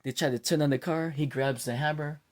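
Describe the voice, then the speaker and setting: A man's voice: on the high side, fairly quick. A man casually retelling a dramatic story and acting out its scenes. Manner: animated, acts out scenes.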